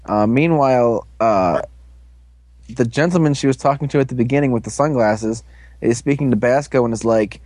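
A man's voice: medium pitch, moderate pace, darkish tone, no echo. A man hosting a casual chat, loosely recapping an episode and swearing now and then. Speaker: podcast host recapping an episode.

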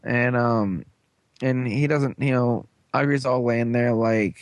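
A young man hosts the show and recaps an episode in a rambling, filler-heavy way with sarcastic asides. His voice sits at a middle pitch, and the recording is close and dry, with no room sound. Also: steady tone, measured pace, no room sound. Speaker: show host.

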